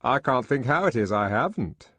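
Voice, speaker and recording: A man voicing an eager, confident young male official with a brisk delivery. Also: mid-range voice, sing-song, a bit bright, no room sound, pitched above the performer's own voice.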